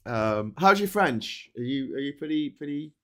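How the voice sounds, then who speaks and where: Brief British male host, casual live chat, teasing and sarcastic, mid-pitched. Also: expressive, moderate pace. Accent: British English. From Britain. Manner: joking, sarcastic, playful asides. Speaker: livestream host.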